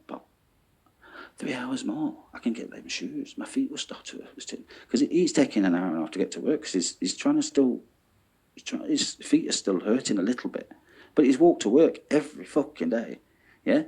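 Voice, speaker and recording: A man ranting in an animated monologue, swearing and checking in with "yeah?". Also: mid-range voice, moderate pace, breathy edge. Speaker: vlogger.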